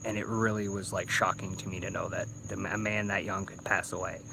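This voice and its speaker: A thirty-year-old man with a low, flat, vocal-fried voice talks fairly quickly against a noisy background. The slightly drunk YouTuber rambles through a casual vlog rant recorded on a phone, stumbling into restarts and swearing.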